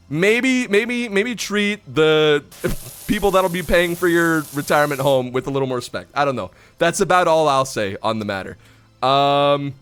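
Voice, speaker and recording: A man's voice: fairly high pitch, smooth. A young man streaming live, telling stories in a casual, profane, ranting way. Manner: profane, ranting, animated storytelling.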